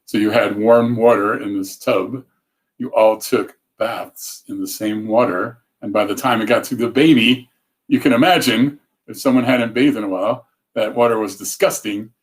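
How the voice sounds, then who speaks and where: A man's voice: lowish voice, moderate pace. Rambling man hosting a casual livestream. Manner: rambling, self-interrupting, chatty. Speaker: show host.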